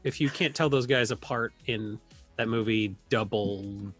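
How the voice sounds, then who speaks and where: A man co-hosting a casual movie review podcast, riffing sarcastic, deadpan jokes. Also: fairly low pitch, unhurried, breathy edge, soft background music. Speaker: podcast co-host.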